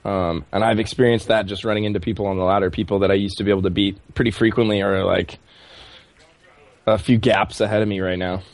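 A man guest in his room at home, talking in a laid-back, measured way. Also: fairly low pitch, fairly even intonation, no echo. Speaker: guest player. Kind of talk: casual chat.

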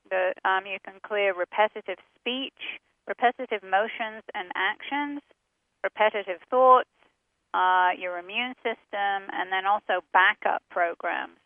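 A woman's voice: mid-range voice, dry recording. Chatty woman host over a phone line. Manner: chatty, walking through steps. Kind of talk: casual radio talk. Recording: dry, tinny phone-line sound.

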